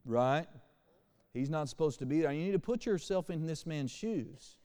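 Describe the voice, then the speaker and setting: Animated male preacher in a reverberant hall. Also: a little high, normal speed. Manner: animated preacher, shifts from quiet to loud. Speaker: pastor. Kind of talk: sermon. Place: church sanctuary.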